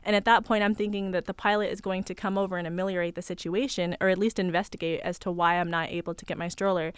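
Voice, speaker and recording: A young woman in her twenties, a radio studio guest telling her own story in a calm, measured way. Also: on the low side, clean tone, dry recording. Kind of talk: recounting a personal story on radio. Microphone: studio microphone.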